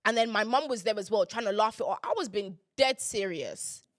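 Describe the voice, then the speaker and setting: A woman's voice: mid-range voice, fairly quick. Emphatic young woman host. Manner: animated, emphatic, repeats herself for emphasis. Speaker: podcast host. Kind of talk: casual storytelling chat.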